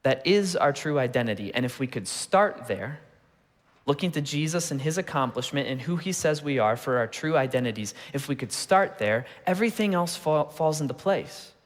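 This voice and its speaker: A man in his thirties preaching a sermon in a relaxed, conversational way, telling personal stories with humor. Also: on the high side, moderate pace. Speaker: pastor. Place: church auditorium. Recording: long reverb of a large hall.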